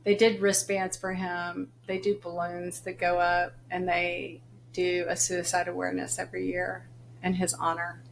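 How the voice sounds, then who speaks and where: A woman's voice: on the low side, moderate pace, creaky, slight background noise, rough recording. A woman, a podcast guest, telling stories about her late son in casual conversation, acting out the dialogue as she goes. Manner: animated storyteller who acts out quoted dialogue. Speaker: podcast guest, grieving mother.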